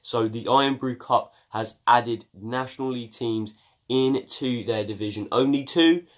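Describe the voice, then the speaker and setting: A man's voice: medium pitch, a little slow. A young man from England giving a casual football news roundup on his video channel, chatty and full of ums and uhs. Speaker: football vlogger.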